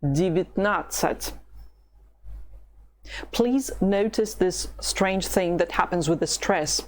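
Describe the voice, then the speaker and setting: A woman from Russia with a Russian accent, teaching pronunciation patiently and slowly, with drills to repeat. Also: mid-range voice. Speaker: language teacher. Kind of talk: slow, careful pronunciation lesson.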